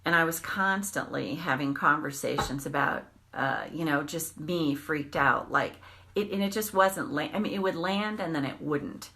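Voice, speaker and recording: A middle-aged woman talks on a casual live stream with a fairly low voice for a woman. She is candid and animated, breaking off and restarting her sentences and dropping in mild swearing. She speaks as the host of the stream. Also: normal speed. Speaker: tapping practitioner hosting a live video.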